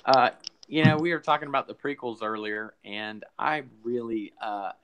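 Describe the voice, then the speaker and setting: A man's voice: mid-range voice, moderate pace, fairly bright tone, clear, resonant tone, poor audio. A man co-hosting a podcast, rambling casually with lots of fillers and restarts, a little out of breath. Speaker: podcast co-host. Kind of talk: casual chat.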